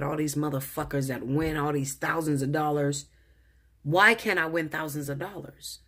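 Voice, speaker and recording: A woman's voice: low voice, slightly rough. A woman talking as a tarot reader in a casual monologue, blunt and profane, speaking straight to the viewer. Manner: profane, blunt, animated, addresses viewer directly.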